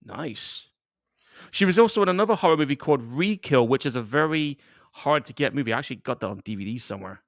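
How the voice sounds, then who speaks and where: A man's voice: medium pitch, lively intonation, fast, gravelly, no room sound, studio quality. A man from England, co-hosting casual live movie commentary, laid-back, chuckling and swearing casually. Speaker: co-host.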